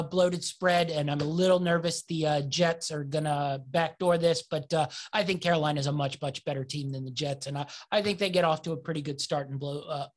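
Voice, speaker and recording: A man co-hosting a casual sports betting chat, loose and upbeat, with lots of filler words. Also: fairly high pitch. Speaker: podcast co-host.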